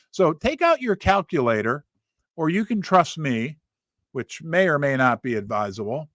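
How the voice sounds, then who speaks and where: A man's voice: on the high side, no echo. A middle-aged man talks through finance headlines in a slightly raised voice, breaking into emphatic, folksy asides and rhetorical questions. He sounds close to the mic in a dry, dead room. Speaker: host of a finance commentary show. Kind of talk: casual commentary reading news aloud. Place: home studio.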